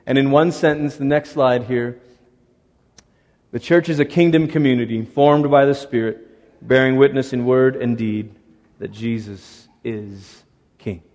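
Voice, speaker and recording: A middle-aged man preaching a sermon as a pastor, lively and conversational, now and then acting out the voices of people in the story. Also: medium pitch, measured pace. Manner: animated, acts out voices of Moses and God. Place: church sanctuary. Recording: long reverb of a church hall.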